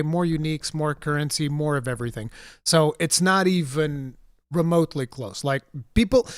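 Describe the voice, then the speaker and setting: Animated, swearing game streamer, dry close mic. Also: male voice, on the high side, no echo. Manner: animated, swears freely, vivid storytelling. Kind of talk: casual live-stream chat. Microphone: desk streaming mic.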